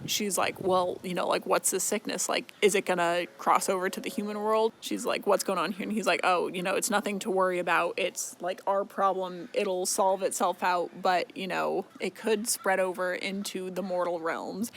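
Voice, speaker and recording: A young woman casually recapping a fantasy novel, chatty and swearing freely, quickly slipping into the characters' lines. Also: on the low side, fairly even intonation, vocal fry, a little hiss or hum. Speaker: book recap vlogger.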